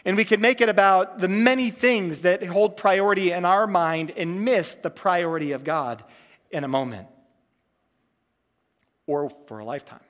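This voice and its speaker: A man's voice: high-pitched, moderate pace, a bit bright. A man pastor giving a conversational sermon, earnest, often restarting and repeating words mid-phrase. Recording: long reverb of a hall.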